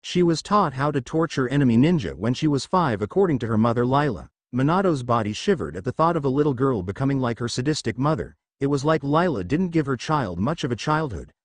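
A man narrating a fan fiction story in a steady reading voice. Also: medium pitch, a little fast, hardly any pauses, no echo.

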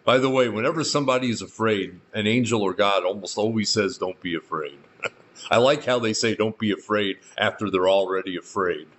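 A man's voice: on the low side, brisk, fairly bright tone, muffled recording. A male pastor reading scripture verse by verse and adding his own remarks, with dry asides in between. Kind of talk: verse-by-verse Bible teaching.

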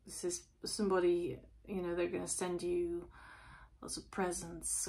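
A woman's voice: on the low side, monotone, a little slow, gravelly, darkish tone. A woman chatting through a casual tarot reading, asking lots of rhetorical questions. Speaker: tarot reader.

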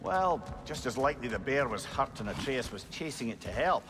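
An actor voicing a calm gruff companion. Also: male voice, medium pitch, a little fast, natural voice. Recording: distant game audio with reverb and noise.

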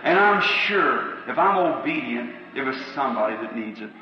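A man's voice: mid-range voice, animated, moderate pace, music in the background. A Southern American preacher leads a revival meeting, earnest and plain-spoken. His voice rings through a big echoey hall with a long tail. The recording is an old, muffled tape from some distance away. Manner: folksy, earnest, calls out numbers to the crowd. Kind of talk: revival sermon and healing line. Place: large auditorium.

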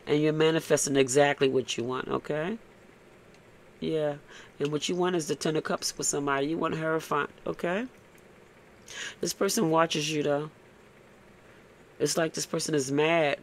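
A man's voice: a little high, steady tone, moderate pace, pauses often, a little hiss or hum. A man giving a casual, blunt tarot reading, tagging "okay?" onto his points and cursing freely. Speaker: tarot reader.

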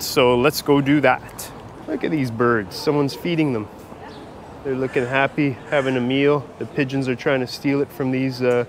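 A man giving a relaxed, chatty travel vlog commentary while walking outdoors through a city. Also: mid-range voice, a little hiss or hum. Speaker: travel vlogger. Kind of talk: casual walking vlog narration.

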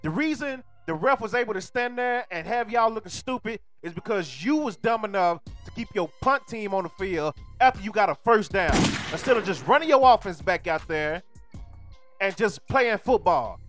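A hoarse male streamer delivers an exasperated sports rant and hammers the same points again and again. His voice sits high despite the strain. Faint music plays underneath. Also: animated, moderate pace, a bit bright. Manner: exasperated, repeats his complaints.

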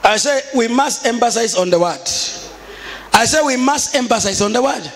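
A Kenyan man preaching as a bishop, mixing Swahili with English and rising into shouted, sing-song passages. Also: very high voice, animated, moderate pace, long reverb tail. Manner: switches between Swahili and English. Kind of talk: sermon.

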